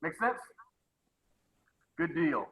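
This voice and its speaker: A man's voice: fairly high pitch, sing-song, drawn-out words, bright, forceful tone, low-quality recording. A man coaching a live webinar on sales presentations, who talks with energy, repeats his phrases and calls on attendees by name.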